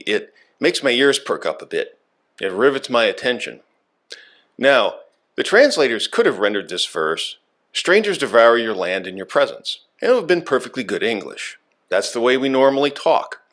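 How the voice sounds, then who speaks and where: A man delivering a scripted radio lecture in a measured, emphatic way, stressing key words. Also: lowish voice, fairly bright tone.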